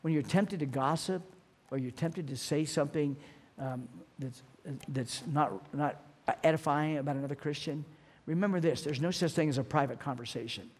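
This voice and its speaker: A middle-aged pastor delivers a sermon in a voice on the high side. He is earnest and emphatic, slowing down to stress key phrases.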